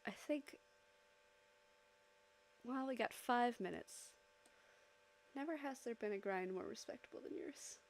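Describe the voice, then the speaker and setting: A woman streaming live while she draws, chatting casually with her audience, giggling often and bursting into loud, excited squeals. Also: fairly high pitch, unhurried, pauses often.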